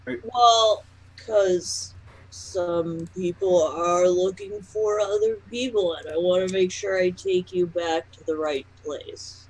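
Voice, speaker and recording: A man's voice: sits high, takes it slowly, poor audio. A man playing a tabletop game, asking questions in character with hesitant fillers. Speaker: player. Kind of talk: casual tabletop play.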